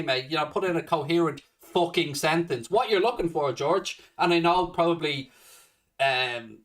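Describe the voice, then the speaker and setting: A man's voice: on the high side, fairly bright tone, recorded from a distance. A man hosting a casual fan livestream, swearing heavily and ranting confrontationally at a viewer. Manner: swears a lot, confrontational rant at a commenter. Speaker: livestream host.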